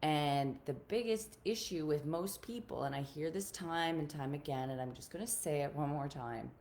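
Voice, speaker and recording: A woman's voice: deep voice, normal speed, a little mellow, slight background noise. A woman relationship coach talking casually on a live stream to her group, earnest and encouraging, often repeating her key points.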